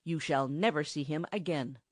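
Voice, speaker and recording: A woman reading the part of a wicked male enchanter who speaks coldly and gruffly, with sneering contempt. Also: deep voice, normal speed, no echo, studio quality.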